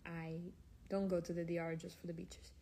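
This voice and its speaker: A woman's voice: fairly low pitch, flat delivery, normal speed, creaky, warm tone, a little hiss or hum. A woman hosting a casual phone livestream, reading out viewer questions and answering them frankly, drifting between languages as she talks. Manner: drifts between several languages mid-stream.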